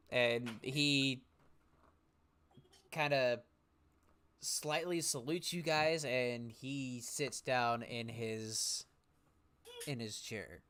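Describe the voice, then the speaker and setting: A man's voice: medium pitch, clear, resonant tone. Guy running a dnd session, takes his time, laid-back narration. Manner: slow, relaxed narration with pauses. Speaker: game master. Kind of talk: narrating a tabletop game.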